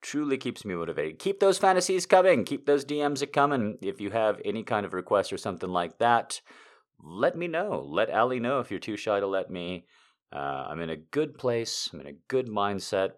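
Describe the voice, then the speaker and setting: A man giving his followers a casual personal update, excitable and rambling, swearing freely and restarting his sentences. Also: fairly low pitch, normal speed. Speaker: content creator.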